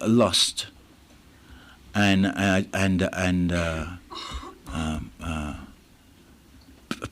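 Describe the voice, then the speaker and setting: An English man speaking at a recovery meeting, telling his personal story in a halting way with many restarts and fillers. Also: lowish voice, a bit bright.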